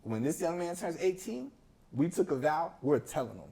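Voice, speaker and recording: A young man, a podcast guest, chatting casually and telling a personal story with lively slang. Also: fairly high pitch, normal speed, vocal fry. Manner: animated storytelling with slang, acting out quoted people. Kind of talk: casual chat.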